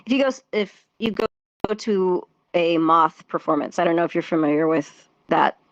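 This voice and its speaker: A woman's voice: on the low side, normal speed, dry recording, lo-fi sound. A woman guest on a casual podcast interview, a theatre performer and dance teacher, talking in a chatty way with frequent laughs, fillers and restarts. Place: virtual reality social world voice chat.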